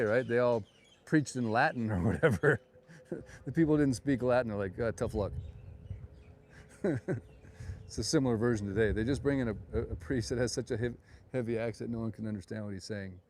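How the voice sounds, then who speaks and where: A man's voice: medium pitch, quick pace, darkish tone, a little hiss or hum. A middle-aged man hosting a live walking tour at night, chatting and digressing as he goes, recorded on a phone outdoors. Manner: rambling, digressive, chatty asides. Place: outdoors on a town street at night.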